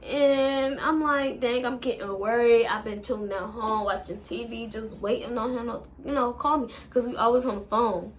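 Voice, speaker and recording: A woman's voice: a little high, steady tone, moderate pace, few pauses, slight background noise. A woman vlogger, telling a breakup story in a rambling, emotional way and swearing a lot. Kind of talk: casual storytime.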